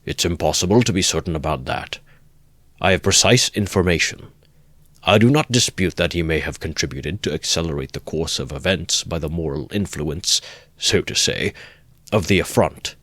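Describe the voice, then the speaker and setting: A man reading aloud, voicing a pompous, long-winded middle-aged gentleman. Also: sits low, moderate pace, dry recording.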